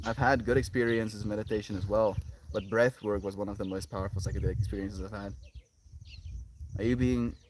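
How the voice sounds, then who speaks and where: A man's voice: on the low side, noisy background. South African man streaming with his puppy. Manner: reads chat aloud, coos baby talk at his puppy. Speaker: live streamer. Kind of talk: casual live stream chat.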